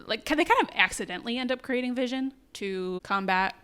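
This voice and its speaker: A woman co-hosting a casual podcast, recapping plot points in quick, animated bursts. Her voice is bright and clear, with a crisp, forward tone. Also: fairly high pitch. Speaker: podcast co-host. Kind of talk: casual chat.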